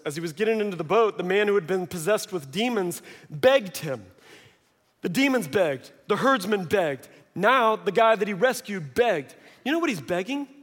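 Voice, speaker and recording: A man preaching a sermon, telling a story with acted-out voices, swinging from hushed lines to shouts. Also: sits high. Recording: long hall reverb.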